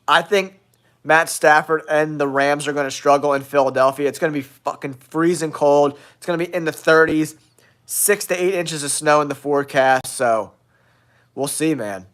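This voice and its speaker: A man's voice: fairly high pitch, moderate pace. Nasal man with a cold, hot takes. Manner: blunt, excitable hot takes addressing viewers. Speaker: sports show host. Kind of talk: casual football talk show.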